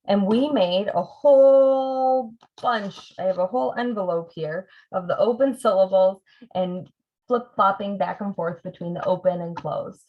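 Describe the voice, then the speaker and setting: Leading a parent workshop, a middle-aged reading tutor demonstrates by calmly splitting words into their sounds. She speaks at a medium pitch and an unhurried pace, captured in a muffled, low-fidelity recording.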